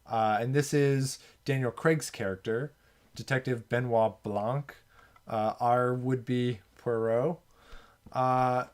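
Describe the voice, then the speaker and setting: A man hosting a film podcast, talking casually and rambling with many fillers. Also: mid-range voice. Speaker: podcast host.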